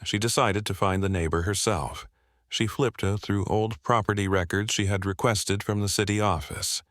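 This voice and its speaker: Man, true-crime narrator, very low pitch, steady measured reading, dry recording. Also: no echo.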